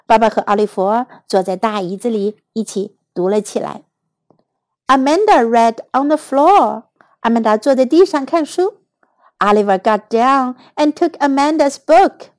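A woman reading a children's picture book aloud slowly and clearly, in two languages. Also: on the high side, no room sound. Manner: slow, clear, expressive reading. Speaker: storyteller. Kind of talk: bilingual storybook read-aloud for children.

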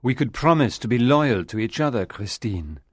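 A man's voice: mid-range voice, lively intonation, normal speed, no echo, clean studio sound, close to an everyday voice. A man doing an earnest, protective young suitor. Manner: earnest, urging. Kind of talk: audiobook character voice.

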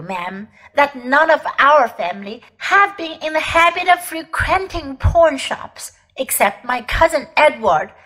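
A woman voicing a pompous, indignant old gentleman ranting about his grievances. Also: high voice, heavily acted, rough recording.

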